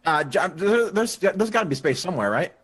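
A man's voice: high voice, big pitch swings, brisk, fairly bright tone, husky. A man playing in a tabletop game, chatting casually and stammering through his lines. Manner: stammering, laughs often between lines. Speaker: player.

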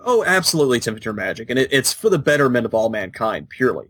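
A man co-hosting a casual gaming podcast, telling the story with animated jokes. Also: mid-range voice, fast, no room sound. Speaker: podcast co-host.

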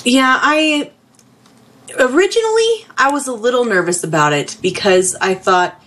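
Calm, steady woman chatting about games. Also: mid-range voice, moderate pace. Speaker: podcast co-host. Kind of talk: casual gaming chat.

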